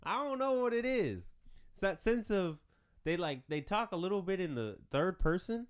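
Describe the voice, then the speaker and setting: A man's voice: sits high, lively intonation, moderate pace, clean tone. A man hosting a podcast on his own, joking and rambling in casual chat. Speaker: podcast host.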